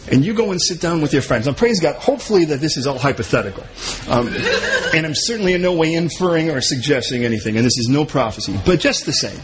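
A man preaching a sermon in an animated way, acting out the voices of the people he quotes. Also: on the high side, a little fast, crowd noise. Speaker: pastor.

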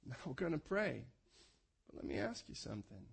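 A man preaching a passionate sermon as a pastor, swinging from loud urgent calls to quiet, soft prayer. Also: medium pitch, very animated, a little fast, gravelly, breathy edge.

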